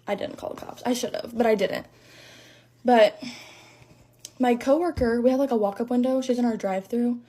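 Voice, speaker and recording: A young woman telling a casual storytime about a rough shift at a drive-thru, rambling and filling her talk with "like". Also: on the high side, moderate pace, long pauses, warm tone. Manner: chatty, rambling, lots of "like", shaken.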